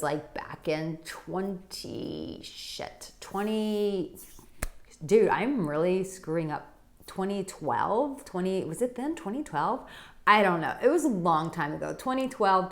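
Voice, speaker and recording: A woman dating coach talking straight to her viewers, chatty and animated as she tells a personal story. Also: fairly low pitch. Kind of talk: direct-to-camera advice vlog.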